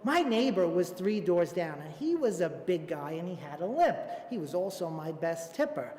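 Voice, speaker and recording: A man's voice: high-pitched, very animated, normal speed, mellow. A man in his fifties from Brooklyn, New York, telling a comic, self-mocking story on a theater stage. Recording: echoey theater hall.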